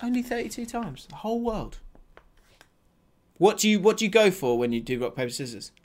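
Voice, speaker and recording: A man's voice: high voice, expressive, a little fast, a little mellow. Giggly laid-back podcast co-host, male. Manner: laughs often, rambling restarts. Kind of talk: casual chat, reading listener messages.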